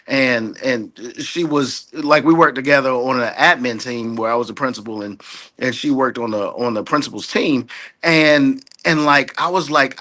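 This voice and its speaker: A man in his fifties sharing faith reflections in casual podcast chat, halting and reflective with many fillers. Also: medium pitch, animated, bright, forceful tone. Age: 50s. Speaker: podcast co-host.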